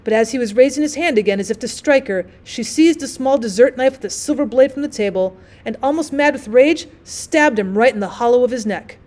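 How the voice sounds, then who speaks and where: A woman teacher reading a classic short story aloud in an expressive, steady storytelling manner. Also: a little high, brisk, few pauses.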